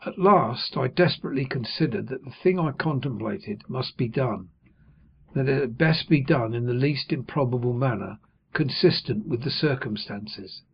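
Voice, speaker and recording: A man narrates a classic novel in a measured, even storytelling voice. His tone is husky and sits at a middle pitch. The recording sounds dull and lo-fi. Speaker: audiobook reader. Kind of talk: scripted narration.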